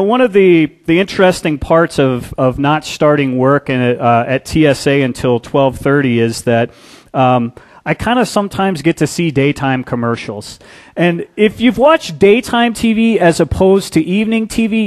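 Man preaching in a chatty sermon. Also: fairly high pitch. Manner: conversational, asks the audience "right?" often; soft, reverent prayer. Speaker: pastor.

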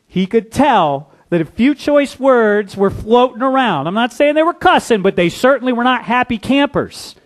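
A man preaching a sermon in a conversational way, asking the congregation questions and briefly acting out the people in the story. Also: sits high. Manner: animated, acts out biblical characters in quick asides. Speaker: pastor.

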